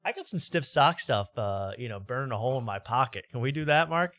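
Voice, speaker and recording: A man hosting a late-night comedy show, riffing in loud, rambling, jokey rants. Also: mid-range voice, lively intonation, a little fast, no echo. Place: studio.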